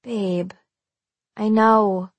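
Caring young woman friend, read by a female narrator, gentle, soothing, storybook reading, dry sound. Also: mid-range voice, fairly even intonation, drawn-out words, slightly rough, dry recording. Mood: concerned.

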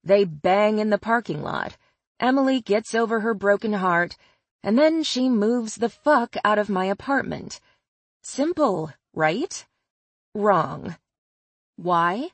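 A woman reads a first-person story aloud, unhurried and wry, with a sardonic edge. The recording is dry and close, with no room sound. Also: medium pitch, expressive, breathy edge, no room sound. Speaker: audiobook narrator. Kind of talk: first-person audiobook narration.

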